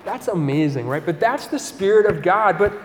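Young man, campus sermon, casual and animated; high voice, roomy hall with faint ambience. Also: moderate pace, slight background noise. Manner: conversational, keeps asking "right?", animated storytelling. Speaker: campus ministry speaker. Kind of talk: sermon talk with personal story.

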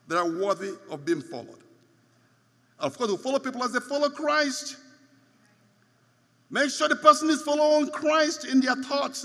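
A man's voice: extremely high pitch, sharp tone. A man preaching a sermon, stressing points by repeating phrases, heard in a large church hall. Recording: long hall reverb.

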